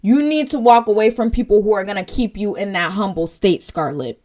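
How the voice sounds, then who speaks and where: A woman's voice: mid-range voice, fairly quick, a little mellow. A young woman, hosting her own vlog and speaking in an earnest, direct commentary style that turns tearful at times. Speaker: vlog host.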